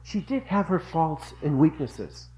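A man's voice: on the high side, animated, a little slow, a little mellow, rough recording. A middle-aged man giving an earnest devotional talk, telling stories and repeating phrases for emphasis. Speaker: religious speaker.

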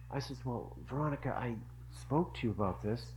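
A man's voice: mid-range voice, fairly quick, a little mellow, a little hiss or hum, low-quality recording. A middle-aged man giving an earnest devotional talk, telling stories and repeating phrases for emphasis. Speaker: religious speaker.

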